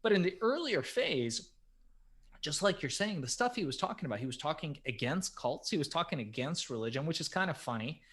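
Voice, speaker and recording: Animated man telling stories on a podcast. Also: on the high side, a little fast. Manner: animated, vivid storyteller with lots of fillers. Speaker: podcast co-host. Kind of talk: casual storytelling chat.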